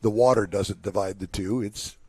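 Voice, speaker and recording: A man's voice: lowish voice, steady tone, normal speed, dark tone, breathy edge, no room sound. A man in his sixties hosting a casual live show at an outdoor car show, joking and rambling between announcements. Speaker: show host.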